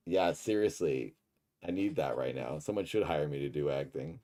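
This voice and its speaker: A livestream host with a rumbling low, gravelly, mellow voice and lively intonation talks a little slowly while reacting to a show. He rambles, jokes and reads chat messages aloud.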